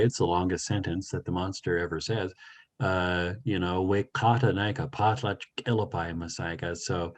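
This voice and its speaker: Deep-voiced man leading a language lesson. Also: darkish tone. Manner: thoughtful, teacherly, pauses with many uhs. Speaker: session leader. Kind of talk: language lesson, reading and explaining a story.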